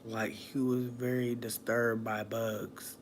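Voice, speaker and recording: A streamer high on weed gummies, rambling and swearing through casual late-night livestream chat, breaking into shrieking laughter. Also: little pitch movement, slow, slight background noise.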